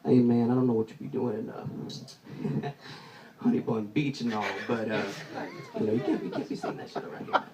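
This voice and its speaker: A man voicing a calm, streetwise friend who talks in a low, relaxed drawl. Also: brisk, recorded from a distance, muffled recording, background noise, close to an everyday voice.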